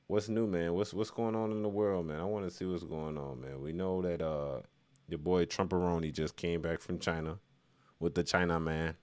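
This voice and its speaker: Man, very deep voice, dry close sound, casual live-stream commentary, rambling. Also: steady tone, normal speed, a little mellow, smooth, no room sound. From Chicago. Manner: loose and rambling, laughing at his own remarks.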